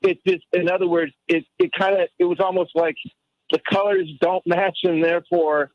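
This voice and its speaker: A man in his fifties on a radio talk show, telling a memory with halting, restarting speech. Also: high voice, dry recording. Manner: halting, restarts often, grows excited. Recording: dull dry radio line.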